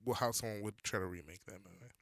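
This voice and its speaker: A man's voice: on the low side, fast talker, vocal fry, a bit bright, dry recording. Young male co-host, brash banter and loose swearing, dry close recording. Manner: brash, joking, swears freely. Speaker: podcast co-host. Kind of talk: casual chat.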